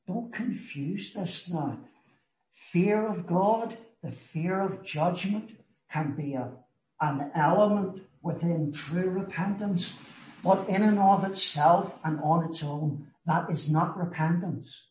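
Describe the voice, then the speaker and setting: Preacher, male, measured and earnest, slow delivery, reverberant room. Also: on the high side. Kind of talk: sermon. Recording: echoey room.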